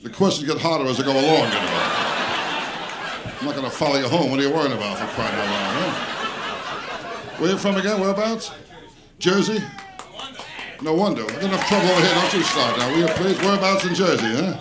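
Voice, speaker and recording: A man's voice: a little high, expressive, fairly quick, pauses often. A man doing live stand-up comedy on a club stage, firing off brash self-mocking one-liners and bantering with the audience. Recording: live club recording, loud crowd laughter and noise.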